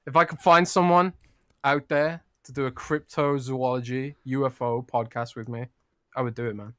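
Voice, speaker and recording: A man's voice: medium pitch, steady tone, moderate pace, a bit bright, dry recording, clean studio sound. Chatty British man on a podcast. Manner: chatty, laughing, rambling. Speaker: podcast co-host. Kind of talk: casual chat.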